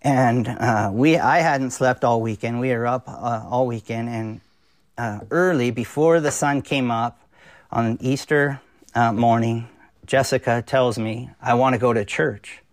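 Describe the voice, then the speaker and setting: A pastor in his forties tells his life story as a podcast guest, earnest and unpolished, stopping often on fillers and restarting his sentences. His voice sits at an ordinary middle pitch for a man, and it is recorded close and dry with no room sound. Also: a little slow, dry recording. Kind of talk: personal testimony in a podcast interview.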